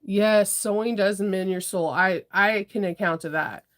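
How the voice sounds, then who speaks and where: A woman's voice: mid-range voice, a little slow, fairly bright tone. A young adult woman hosting a casual sewing livestream, chatting with viewers in a rambling way and laughing often. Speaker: livestream host, sewing shop owner.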